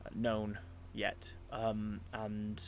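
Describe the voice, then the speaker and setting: A man's voice: fairly low pitch, completely flat delivery, very slow, gravelly. A man streaming a game, chatting casually and telling rambling stories while reading the chat aloud. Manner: chatty storyteller, rambling with restarts, reads out chat.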